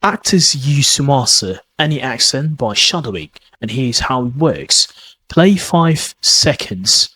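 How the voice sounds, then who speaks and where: A man's voice: mid-range voice, animated, slow, bright, forceful tone, slightly rough, no echo. A man giving a podcast lesson on pronunciation, often restarting and checking in with "okay?". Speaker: pronunciation teacher.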